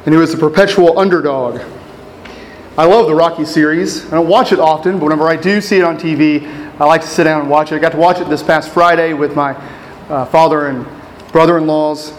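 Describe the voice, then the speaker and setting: Measured man preaching a sermon. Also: on the high side, slight background noise, low-quality recording. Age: around 30. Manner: measured, deliberate preaching with repeated outline points. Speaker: pastor.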